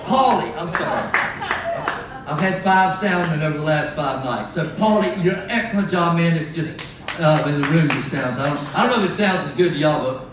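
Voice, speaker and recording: A man's voice: on the high side, normal speed. A male singer-songwriter chatting with his audience between songs in a rambling, joking, self-deprecating way, heard in an echoey live venue from a distant mic with noise behind. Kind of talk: onstage banter between songs.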